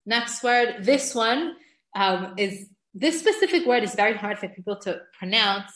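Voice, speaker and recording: A middle-aged woman teaches a lesson on Hebrew grammar with eager, patient explanation, pausing to read verses aloud. Her voice sits at an ordinary pitch. The room around her rings with noticeable echo. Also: animated, a bit bright. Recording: echoey room.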